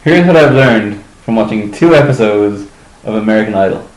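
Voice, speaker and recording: A man's voice: on the low side, animated, fairly quick, roomy sound, poor audio. A man co-hosting a podcast in casual chat, teasing his co-host and telling ranting stories with wry humour. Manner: wry, teasing, storytelling rants.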